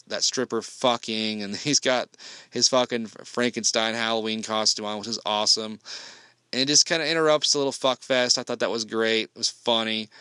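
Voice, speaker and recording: A man's voice: fairly low pitch, bright, forceful tone, clean tone, dry recording. A man giving a casual spoken film review, ranting bluntly and swearing heavily.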